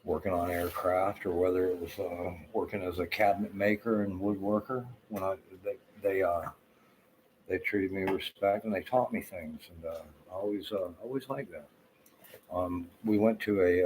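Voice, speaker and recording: A man's voice: low-pitched, normal speed, darkish tone, slight background noise, rough recording. A man in his fifties with a Southern US accent, telling rambling, profane stories with lots of fillers. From Florida. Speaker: vlogger. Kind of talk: casual rambling storytelling.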